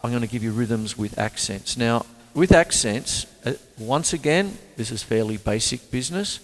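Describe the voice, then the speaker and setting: An older man hosting a casual drum lesson, chatty and singing rhythms out loud as he plays. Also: mid-range voice, expressive, normal speed, slight background noise. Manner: chatty, sings rhythms aloud. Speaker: drum teacher and show host. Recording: reverberant room with drums.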